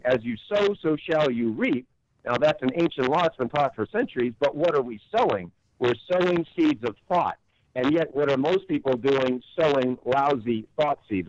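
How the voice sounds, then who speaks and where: Fast-talking emphatic man on a podcast. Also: on the high side, dry recording, highs cut off. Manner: emphatic, rhetorical questions, acts out quotes. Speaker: guest author and coach. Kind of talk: interview explanation.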